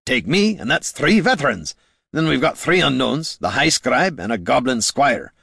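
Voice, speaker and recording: A man puts on a gruff old dwarf warrior for a storybook reading, barking out his plans in loud, excited bursts. His voice is raised well above the narrator's own and swings widely in pitch. The sound is close and dry. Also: normal speed, no echo, exaggerated voice. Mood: eager. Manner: shouting, excited, burly. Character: gruff veteran dwarf warrior, stubbornly hopeful.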